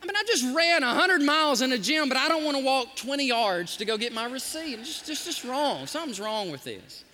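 A male pastor preaches a storytelling sermon in an extremely high voice, fairly quick and with few pauses, animatedly acting out the voices of his characters. The sound is that of a big room, with slight background noise.

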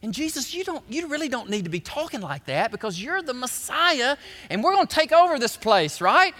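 A preacher acting out a brash, blustering Peter who stumbles over his words as he talks down to his teacher. The voice is bright and pushes forward. It rings out in a reverberant church. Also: very high voice, sing-song, fairly quick, voice pushed up, heavily acted. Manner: blustering, stammering. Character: brash adult male disciple Peter scolding.

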